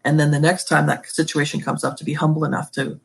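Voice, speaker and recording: School leader lady on a podcast, husky rough voice, talks with real passion. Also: low-pitched, flat delivery, fast talker. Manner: emphatic and passionate, with repeated pet phrases. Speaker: guest educator and school leader. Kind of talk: conversational podcast interview.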